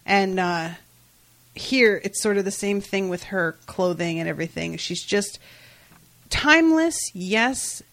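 A woman in loose podcast chatter, lively and quick to laugh. She swears freely and acts out lines from the episode in a mid-range voice. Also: mid-range voice. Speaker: podcast co-host. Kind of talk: casual recap chat.

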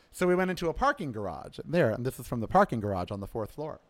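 A man hosting his podcast, delivering a sarcastic, ranting political monologue that swings from loud outbursts to low mutters. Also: very animated, fast, hardly any pauses. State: coughing from smoke in throat. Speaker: podcast host. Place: outdoors.

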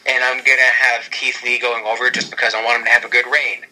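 A man in casual chat, excitedly rambling through an imagined storyline with many restarts. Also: medium pitch, fast, rough recording. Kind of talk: casual fantasy-booking chat.

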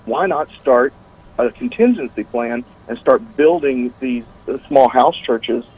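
A man as a guest on a faith talk show, speaking in a casual, halting way with many restarts and fillers. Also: mid-range voice, lively intonation, a little hiss or hum. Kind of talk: casual conversational interview. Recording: tinny phone-like line.

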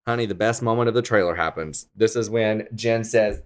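A man hosting a podcast, chatting in a sassy, gossipy way, swearing freely. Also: measured pace. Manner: animated, sassy, swears freely, slips into shrill impressions. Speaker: podcast host. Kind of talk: casual gossip commentary.

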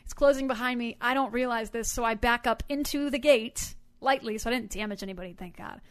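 A woman with a slightly high voice talks like a podcast co-host, animated and emphatic as she tells a story. Her chat is loose and conversational, and she leans hard on the key words. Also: a little fast. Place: lives in Houston area.

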